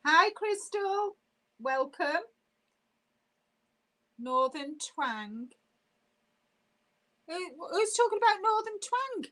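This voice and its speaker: A woman hosting a casual live stream, chatty and quick to laugh as she reads viewer comments aloud. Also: very high voice, pushed and bright, rough recording.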